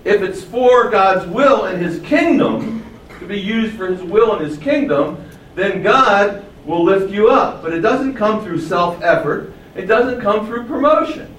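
A man's voice: sits high, lively intonation, unhurried, a bit bright, a little hiss or hum. Preacher man, echoey and distant. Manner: emphatic, rising for key phrases. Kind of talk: sermon. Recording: roomy echo from far off, faint ambience.

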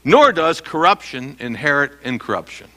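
A man's voice: on the high side, very animated, normal speed, sharp tone. A middle-aged man preaching a sermon as pastor, emphatic and quizzing his listeners with questions he answers himself. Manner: emphatic, asks the congregation questions and answers them.

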